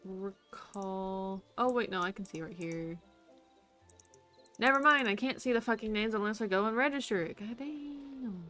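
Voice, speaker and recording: A woman's voice: medium pitch, moderate pace, pushed and bright, soft background music. A woman streaming a game, chatting casually to herself, laughing often and swearing casually. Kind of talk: casual gameplay commentary.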